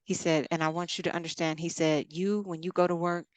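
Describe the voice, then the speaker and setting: A woman's voice: lowish voice, little pitch movement, fairly quick, no room sound. A middle-aged woman in casual chat, telling stories and quoting others in dialogue as a podcast co-host.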